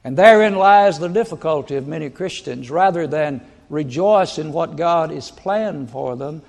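Male preacher, folksy storyteller, raised gravelly voice, long hall reverb, bursts loud for quoted lines. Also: a little high, lively intonation, normal speed. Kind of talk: sermon. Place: church sanctuary.

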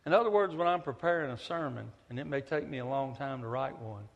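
A man preaching a sermon, telling stories with big swings from loud to hushed. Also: mid-range voice, quick pace, vocal fry, highs cut off. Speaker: pastor, visiting preacher. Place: church sanctuary. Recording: echoey church hall.

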